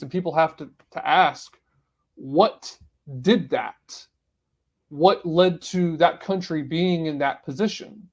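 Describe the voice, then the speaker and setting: A man's voice: on the high side, measured pace. A man hosting his own podcast, giving solo commentary and stating his views point by point with emphasis. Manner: emphatic, declaring positions point by point. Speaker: podcast host.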